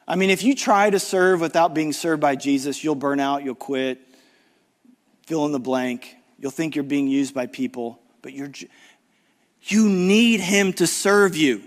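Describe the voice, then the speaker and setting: A middle-aged man preaching a conference sermon, swinging from loud urgent emphasis to low hushed appeals and acting out the voices of people in the story. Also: a little slow. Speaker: guest preacher.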